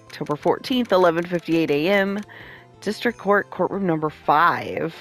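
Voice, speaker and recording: A woman's voice: lowish voice, moderate pace, soft background music. A young woman reading every character's lines of a courtroom game aloud, stopping to laugh and react. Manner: reads all characters aloud, breaks off to laugh and comment. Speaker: let's play streamer reading a game aloud.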